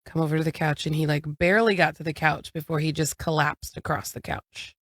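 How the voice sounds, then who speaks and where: A woman's voice: low-pitched, fairly even intonation, brisk. A woman in her thirties co-hosting a podcast, telling a family story in a frank, casual way and swearing now and then. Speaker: podcast co-host. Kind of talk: casual chat.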